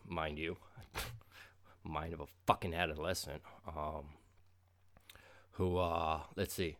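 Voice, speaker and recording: A man in a casual monologue, ranting with profanity and sarcasm, quiet at first and then growing loud and heated. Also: rumbling low, fairly even intonation, slow, long pauses.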